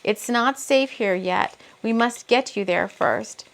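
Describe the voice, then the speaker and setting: A woman reading aloud the lines of a kindly male gnome who guides a girl, soft-spoken and gentle. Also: a little high, slow pace, creaky.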